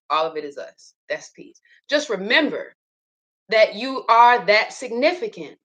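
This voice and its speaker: A woman's voice: on the high side, very animated, measured pace, a bit bright, poor audio. A woman giving a casual motivational talk who laughs often, cusses freely and repeats lines for emphasis. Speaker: speaker sharing reflections.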